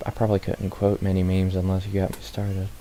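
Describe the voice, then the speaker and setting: A man's voice: low voice, completely flat delivery, brisk, mellow. A man chatting casually as a stream guest, laughing often and poking fun at himself. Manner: laughs often, self-deprecating. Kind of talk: casual chat. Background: stream music.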